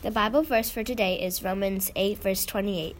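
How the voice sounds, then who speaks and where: Woman narrator, children's devotional reading, gentle and measured, mid pitch. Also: fairly even intonation, a little hiss or hum. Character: kind, allergic mother, gentle and warm. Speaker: devotion reader.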